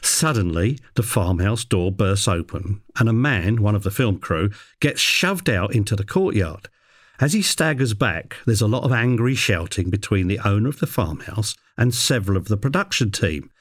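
A man's voice: animated, normal speed, no echo. Dry-voiced man telling a wry anecdote. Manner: mimics a parrot in a high voice. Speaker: animal handler telling a story. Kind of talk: personal anecdote narration.

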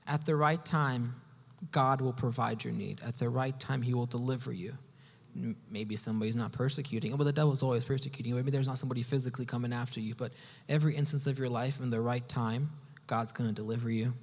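Casual young preacher in a hall. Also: male voice, medium pitch, fairly even intonation, fast, gravelly. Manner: conversational, lots of "you know" and "man". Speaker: young adults pastor. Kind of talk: casual sermon. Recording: long hall reverb.

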